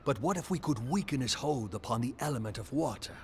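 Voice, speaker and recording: A man voicing a thoughtful marshal in a game cutscene, speaking formally and in measured tones. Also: medium pitch, lively intonation, a little hiss or hum, natural voice. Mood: earnest.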